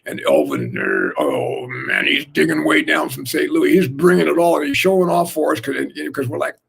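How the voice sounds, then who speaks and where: A gravelly, husky older man spins jazz stories with a slightly high voice for a man. He rambles and talks with animated energy, dropping in lots of fillers. It sounds like a casual, unscripted chat. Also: fairly quick. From Oakland, California. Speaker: jazz drummer telling stories.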